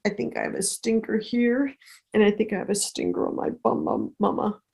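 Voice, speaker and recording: A woman's voice: mid-range voice, fairly even intonation, moderate pace, creaky, dark tone, husky, pitched above the performer's own voice. A woman voicing an eager, adventurous young male bear cub in a children's story, with a childlike, plaintive manner. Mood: whiny.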